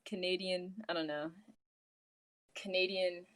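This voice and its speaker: A young American woman, a guest on a casual call, telling stories with lively exaggeration. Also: lowish voice, measured pace. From United States. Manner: animated, exaggerated storytelling. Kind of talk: casual chat on a video call.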